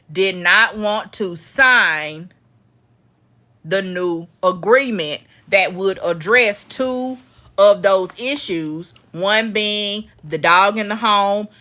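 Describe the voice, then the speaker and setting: Bright-voiced chatty woman streamer. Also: medium pitch. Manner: animated, chatty, talks to her viewers. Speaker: live stream host. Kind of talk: casual live-stream recap.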